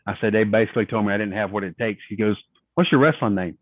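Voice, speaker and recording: A man's voice: on the low side, fast talker, no echo. A man, a guest on a podcast, telling long stories in a casual interview and acting out the voices of the people he quotes. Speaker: guest, retired wrestler. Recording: tinny phone-like line, dry.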